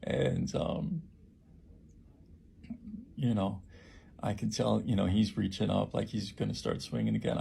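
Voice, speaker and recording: A man who works at a homeless shelter recounts an attack in a halting personal account, with many fillers and restarts. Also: fairly low pitch, creaky, warm tone, slightly rough.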